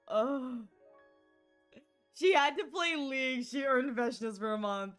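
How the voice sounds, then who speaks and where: A woman's voice: high-pitched, slow pace, long pauses, smooth, faint music behind. A woman streaming a game, laughing hard and squealing through casual commentary.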